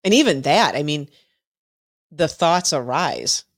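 Podcast host, enthusiastic, affirming, easy laughter, medium pitch, dry sound. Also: expressive, slow, fairly bright tone, dry recording. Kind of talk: casual podcast conversation.

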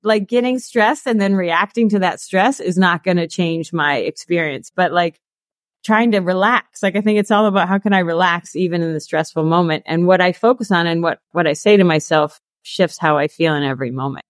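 A woman in her thirties, a guest author and coach, talking casually in an interview with lots of "like" and quick laughs. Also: lowish voice, no echo, clean studio sound. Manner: chatty, peppered with "like" and laughs.

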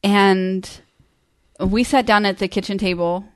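A woman co-hosting a podcast, recounting a story in a relaxed conversational way. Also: medium pitch, measured pace, no room sound. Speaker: podcast co-host.

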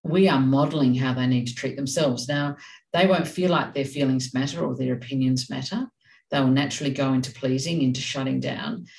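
A woman's voice: a bass voice, fairly even intonation, a little fast, gravelly, darkish tone, distant mic, low-quality recording. A woman co-hosting a parenting talk, speaking in a direct, passionate, emphatic way. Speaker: parenting podcast co-host. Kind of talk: casual discussion.

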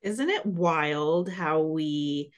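A woman's voice: sits low, extremely slow. A woman in her forties hosting a podcast, chatting in a reflective, confiding way. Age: 40s. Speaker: podcast host. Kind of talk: casual chat.

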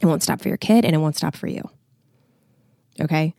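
Casting: woman podcaster and coach with a lowish voice, reads aloud then chats loosely, dry close sound. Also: brisk, gravelly, warm tone, no echo. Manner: conversational, frequent filler words. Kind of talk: reading from a book aloud with casual commentary.

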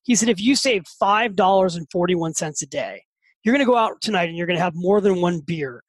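Fifties guy guesting on a podcast, high voice, tumbles over his words when hes excited. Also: a little fast, no echo, low-quality recording. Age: 50s. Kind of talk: casual storytelling.

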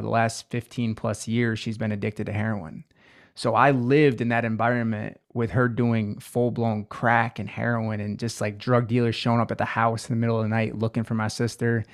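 A man in his twenties, a guest on a podcast, telling his life story in an earnest, reflective way. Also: medium pitch. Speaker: podcast guest, healing coach. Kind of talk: personal story in an interview.

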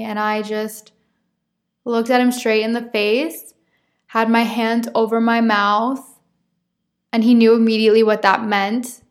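Candid young woman telling her story. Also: a little high. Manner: candid, laughing often, swears casually. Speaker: podcast host. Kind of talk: personal storytelling podcast.

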